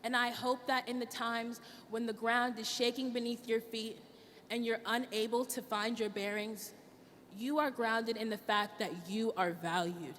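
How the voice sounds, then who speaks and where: A young woman gives a commencement speech in an earnest, heartfelt way. Her voice sits a little high. It rings through a large hall with long reverb and faint background noise. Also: fairly even intonation, unhurried, fairly bright tone. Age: young adult. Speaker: student speaker.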